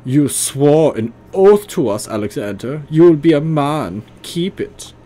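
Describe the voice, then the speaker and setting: A man's voice: a little high, lively intonation, unhurried, dark tone, voice pushed up. A man voicing a sneering, arrogant male extremist leader with a put-on German accent and a foppish, mocking manner. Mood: commanding.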